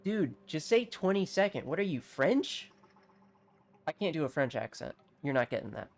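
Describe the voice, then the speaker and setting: Excitable game streamer. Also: mid-range voice, normal speed. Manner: excitable, laughing, exclaiming. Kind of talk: casual gameplay commentary.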